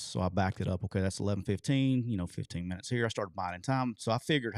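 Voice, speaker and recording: A man, co-hosting a show and telling a long story in an animated way, swearing casually. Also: on the low side, fast talker, hardly any pauses, dry recording, clean studio sound. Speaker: co-host telling a coaching story.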